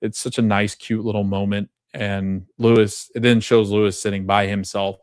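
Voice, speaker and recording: Low-voiced casual male podcast host. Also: normal speed, dry recording, clean studio sound. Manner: chatty and animated, many fillers, laughs often. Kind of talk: casual TV episode recap.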